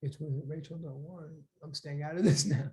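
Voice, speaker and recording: A man's voice: on the high side, normal speed. Chatty man teaching physics online. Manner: chatty, animated, reads chat aloud. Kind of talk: online class lecture.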